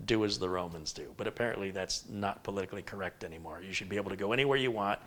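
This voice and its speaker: Male live-stream host with a lowish voice, rambling and chatty, reads out viewer comments. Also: rapid-fire, a bit bright. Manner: rambling and chatty, often laughing and reading viewer comments aloud. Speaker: PC building livestream host. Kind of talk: casual live-stream chat.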